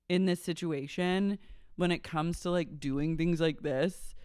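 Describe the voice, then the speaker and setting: Animated podcast co-host in a dry room. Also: medium pitch, clear, resonant tone, no room sound. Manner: fast, animated, with heavy filler "like". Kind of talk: casual chat, recapping a reality show.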